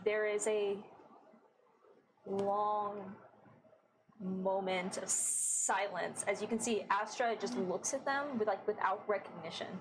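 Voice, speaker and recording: A woman running a tabletop game as game master, narrating in a casual, halting way with slow dramatic pauses. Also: medium pitch, fairly even intonation, noisy background.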